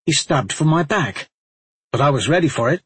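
A man's voice: on the high side, animated, normal speed, slightly rough, no echo, voice pushed up. A man voicing a haunted, guilt-ridden male adventurer in an audiobook, speaking in a strained, tense way.

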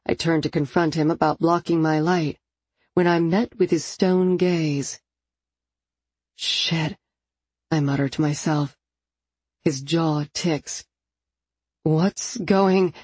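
A woman narrating a first-person romance novel in an intimate, expressive storytelling manner. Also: low voice, a little slow, breathy edge, no echo. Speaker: audiobook narrator.

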